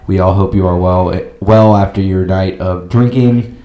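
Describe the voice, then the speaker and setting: A man hosting a podcast in casual chat, relaxed and halting, reading notes aloud. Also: low-pitched. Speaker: podcast host. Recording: roomy echo.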